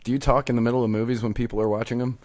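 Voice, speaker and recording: A man's voice: medium pitch, flat delivery, rapid-fire, crowd noise. A man co-hosting a podcast, teasing and telling anecdotes in casual chat. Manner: teasing, storytelling. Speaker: podcast co-host.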